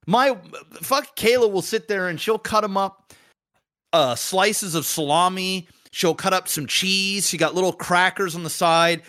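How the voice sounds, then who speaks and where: A man co-hosting a podcast, telling a home story in casual chat, animated and full of swearing and laughs. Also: sits high, a little slow. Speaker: podcast co-host.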